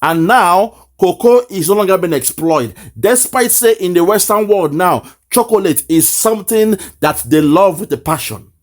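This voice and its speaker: A man's voice: sits high, animated, normal speed, few pauses. A man with a Nigerian accent giving impassioned political commentary, lamenting and repeating phrases for emphasis. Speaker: online commentator.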